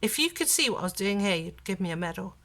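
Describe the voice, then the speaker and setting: A middle-aged woman talks through a home vlog. Her voice is bright and clear, and she rambles warmly with lots of ums and restarts. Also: medium pitch, sing-song, fast. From southern England. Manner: chatty, rambling, with many fillers and restarts. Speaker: vlogger. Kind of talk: casual vlog chat.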